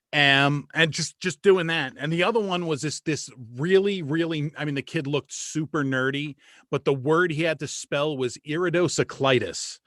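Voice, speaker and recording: A tired man co-hosting a live-stream show from a small booth, loud, profane and joking. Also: fairly high pitch, no room sound, clean studio sound. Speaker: podcast co-host. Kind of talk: casual live-stream chat. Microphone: studio mic in a small booth.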